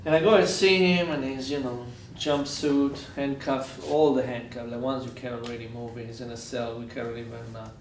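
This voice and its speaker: Gravelly man lecturing in an echoey room. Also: mid-range voice, fairly even intonation, normal speed, hardly any pauses, a little hiss or hum. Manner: earnest, repeats phrases for weight. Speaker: guest lecturer. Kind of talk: storytelling lecture. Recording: roomy lecture room from far off.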